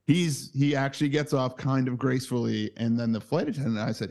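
A man in his thirties telling a story in casual chat, swearing freely, laughing, acting out quotes with big jumps in pitch. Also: steady tone, fairly quick, few pauses, darkish tone. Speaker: podcast co-host.

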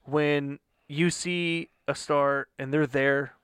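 A man's voice: a little high, fairly even intonation, slow, fairly bright tone, clear, resonant tone, no room sound, studio quality. A young adult man chatting casually on a podcast, telling a rambling, profane story and often adding "you know what I mean".

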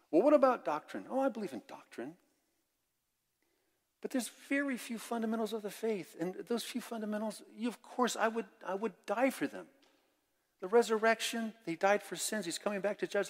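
An older man preaching a sermon as pastor, candid and conversational, swinging between loud and hushed. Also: high voice, a little fast. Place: church sanctuary. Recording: long church reverb.

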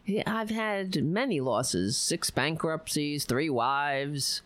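A boastful older male politician bragging sarcastically about his own failures, as a woman mimics him. The voice swings widely in pitch and sounds dry and close to the mic. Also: expressive, slow pace, no room sound. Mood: mocking. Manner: sarcastic, self-mocking boasts.

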